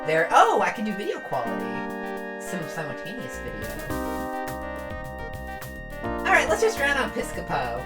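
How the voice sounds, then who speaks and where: A woman's voice: on the low side, wildly swooping pitch, moderate pace, pauses often, loud music behind the voice. A woman streaming a retro game, chatting casually, laughing and swearing at it. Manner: laughing, swears, reacts loudly. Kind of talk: casual live-stream chat.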